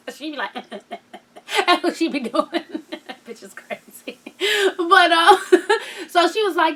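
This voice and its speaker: Woman vlogger in her 30s, high voice, sassy slangy recap, acts out quotes. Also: sing-song, measured pace, bright, forceful tone. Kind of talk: casual TV recap chat.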